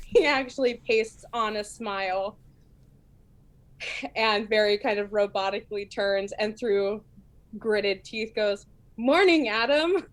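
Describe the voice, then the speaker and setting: A woman's voice: mid-range voice, fairly even intonation, slow pace. A woman playing a tabletop game, playfully describing her character's actions and laughing often. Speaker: player. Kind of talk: tabletop role-play narration of her character.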